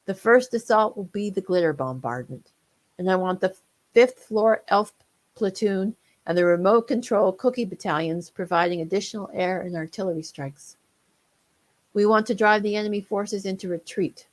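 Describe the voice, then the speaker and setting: A woman's voice: mid-range voice, normal speed, close to an everyday voice. A woman reading as a puffed-up male elf commander barking orders to his army. His rousing, commanding speech stays close to her own voice in a storybook reading. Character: pompous male elf commander rallying troops.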